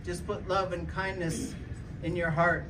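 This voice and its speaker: A man delivers a slow, heartfelt speech to a welcoming gathering at an airport. His voice is fairly high. He is recorded from a distance, and loud background noise surrounds him. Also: level tone. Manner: slow, heartfelt, speaks an Indigenous language before switching to English. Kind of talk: public speech. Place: airport arrival hall.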